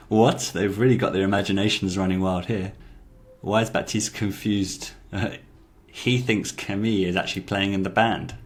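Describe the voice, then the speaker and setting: Deep-voiced guy doing a chatty app review, lots of ums. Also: fairly even intonation, normal speed, soft background music. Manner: chatty, repeats lines aloud, many fillers. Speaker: language-learning YouTuber. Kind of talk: casual review commentary.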